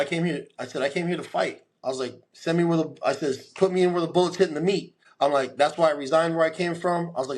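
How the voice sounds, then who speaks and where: Animated man telling war stories. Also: fairly high pitch. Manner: animated storyteller, acts out quoted dialogue. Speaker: guest. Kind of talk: storytelling in a podcast interview.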